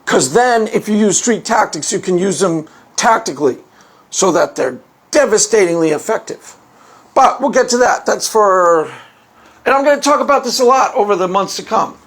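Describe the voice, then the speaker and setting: A man's voice: sits high, lively intonation, normal speed, fairly bright tone. A man giving a casual, rambling YouTube commentary, repeating phrases and chuckling often. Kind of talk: casual monologue.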